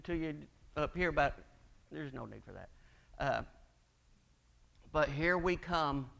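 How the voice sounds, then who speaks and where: A middle-aged man delivers a sermon in a church, spinning folksy stories and slipping into the voices of the people he describes. His voice sits a little high, with a gravelly rasp. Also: a bit bright. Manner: folksy storytelling, acting out quoted voices. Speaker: preacher. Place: church sanctuary.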